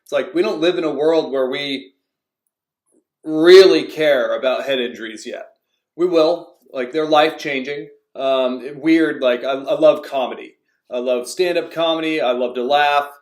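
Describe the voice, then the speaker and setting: A man's voice: fairly high pitch, measured pace. A young man telling personal stories in a rambling, casual way, full of fillers and restarts. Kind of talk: casual storytelling. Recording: echoey room.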